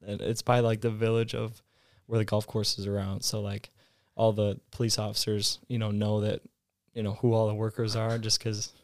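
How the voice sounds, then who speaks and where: Young man, casual chat, rambling with fillers, low voice, dry close recording. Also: normal speed, hardly any pauses, no room sound. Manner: relaxed, rambling, heavy on filler words.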